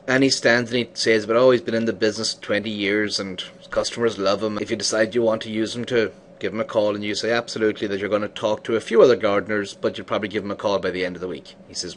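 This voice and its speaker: A man's voice: on the low side, fairly quick. A man teaching business owners about selling, telling an example story and voicing the people in it as he goes. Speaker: business coach. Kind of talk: scripted teaching monologue with storytelling.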